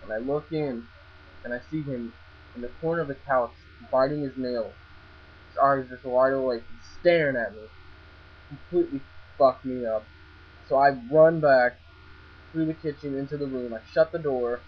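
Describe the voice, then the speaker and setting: A man's voice: mid-range voice, moderate pace, long pauses. A young man casually telling a story, stammering, restarting and swearing freely as he goes. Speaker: vlogger. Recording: dull lo-fi recording with faint mains hum.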